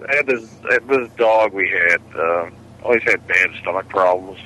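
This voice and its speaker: Bright-voiced man with blunt remarks. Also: low-pitched, moderate pace, a little hiss or hum, rough recording. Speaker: show regular. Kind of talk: casual chat.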